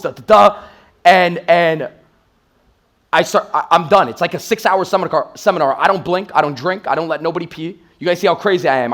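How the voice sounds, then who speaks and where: A man's voice: a little high, a bit bright. A man in his thirties from Toronto, Canada, giving an intense motivational stage talk as a sales trainer and acting out quotes as he tells stories. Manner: intense, hype-driven storytelling with acted-out quotes. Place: stage in a live event room.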